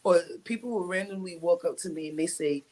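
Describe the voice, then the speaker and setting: A woman from Brooklyn with a New York accent, a singer-songwriter talking casually as an interview guest and filling pauses with um. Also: on the low side, darkish tone, poor audio.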